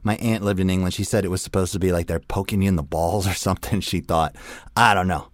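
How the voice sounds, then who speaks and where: A man's voice: deep voice, steady tone, quick pace, no room sound. A young adult man hosting a radio show, delivering a crude, profane, rambling comedic rant.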